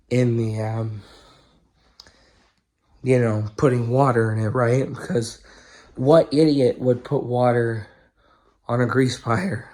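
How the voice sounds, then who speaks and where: A man's voice: medium pitch, a little mellow. A man telling a story casually to camera, swearing often and filling his talk with "you know" and "right?". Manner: profane, rambling, many fillers and tag questions. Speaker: vlogger.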